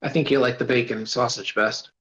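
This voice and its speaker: A man's voice: mid-range voice, fairly even intonation, a little fast, fairly bright tone, close to an everyday voice. A stubborn, fuming human crewman who grumbles his words, as a male storyteller reads him. The sound is roomy and somewhat muffled, like a voice chat. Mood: grumbling. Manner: growling, grumbling. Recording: roomy, dull voice-chat audio.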